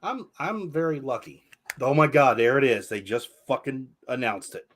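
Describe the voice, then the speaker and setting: Man, podcast host, casual chat, animated storytelling, frequent swearing. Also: mid-range voice, normal speed.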